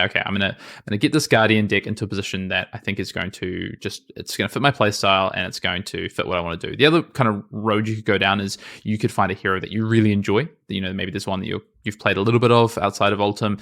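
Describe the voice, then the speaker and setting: Fast, low-voiced man, late twenties, podcast co-host, chatty and self-mocking. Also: a bit bright. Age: late 20s. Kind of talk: casual podcast chat.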